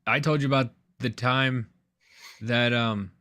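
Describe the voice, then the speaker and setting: A man co-hosting a podcast, telling a rambling, animated anecdote in casual chat. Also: medium pitch, measured pace, no room sound. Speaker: podcast co-host.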